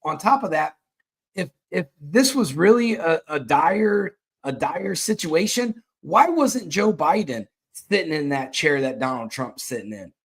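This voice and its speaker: A man's voice: fairly high pitch, lively intonation, unhurried. A man giving blunt, opinionated political commentary as host, emphatic and often restarting his words.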